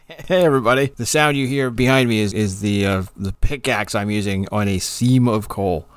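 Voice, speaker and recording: A man's voice: lowish voice, normal speed, clear, resonant tone, dry recording. A middle-aged man from Massachusetts with a faint Boston-area accent, co-hosting a podcast and telling stories in a chatty way. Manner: chatty, animated storyteller. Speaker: podcast co-host. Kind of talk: casual storytelling.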